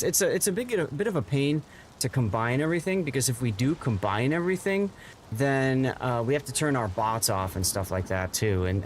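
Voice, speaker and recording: A man hosting a game livestream, chatting casually to viewers in a rambling way, with bursts of excited greetings. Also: fairly low pitch, a little hiss or hum. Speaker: game streamer and host.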